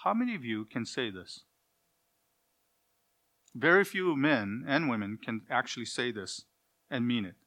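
A man preaching a sermon in an earnest, pleading way, asking his listeners direct questions and shifting between loud emphasis and quiet passages. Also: mid-range voice, animated, measured pace, pauses often.

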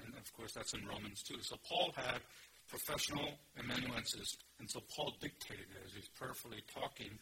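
A man preaching an expository sermon, emphatic, with sudden rises in pitch and loudness. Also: moderate pace. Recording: noisy recording.

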